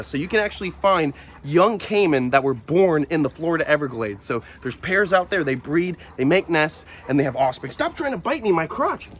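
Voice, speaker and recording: A young man hosting a wildlife vlog, his voice sitting a little high for a man. He tells his story in an animated, breathless rush. A faint hiss sits under the recording. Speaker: wildlife vlogger. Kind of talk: excited outdoor vlog storytelling.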